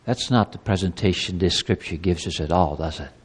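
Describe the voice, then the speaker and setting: A man preaching a sermon as pastor, animated, sometimes speaking God's words in a pleading tone. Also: low voice, a little fast, breathy edge. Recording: long hall reverb.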